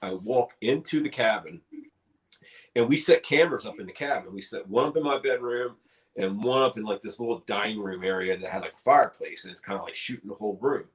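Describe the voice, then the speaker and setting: A middle-aged man, a paranormal investigator, telling a story casually in a live interview, animated and swearing freely. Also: on the low side, fairly quick, rough recording. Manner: animated, swears casually, acts out quoted dialogue.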